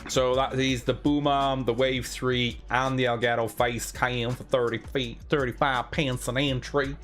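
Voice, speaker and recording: A man's voice: mid-range voice, flat delivery, a little slow, fairly bright tone, soft background music. A young man hosting a live stream, chatting casually with viewers in a rambling way, now and then humming little sounds. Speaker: livestream host.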